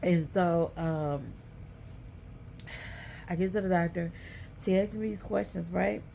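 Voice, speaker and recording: A middle-aged woman tells her own story to her viewers with candid emotion. Her voice sits low, with a gravelly edge. Faint background noise runs under the recording. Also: takes it slowly, dark tone. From Texas. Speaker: vlogger. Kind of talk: personal storytelling.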